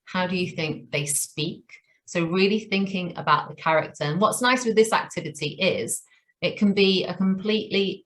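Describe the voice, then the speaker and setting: A woman's voice: fairly low pitch, a bit bright. A woman co-hosting a teacher training webinar, chatty and enthusiastic, laughing often. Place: online webinar.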